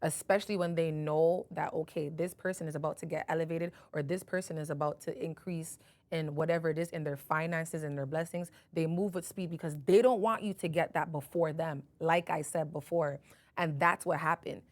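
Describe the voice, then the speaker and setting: A woman's voice: low voice, fairly even intonation, brisk. A woman podcast host retelling a Bible story in a casual, emphatic way, often correcting herself. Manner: conversational, self-correcting, emphatic.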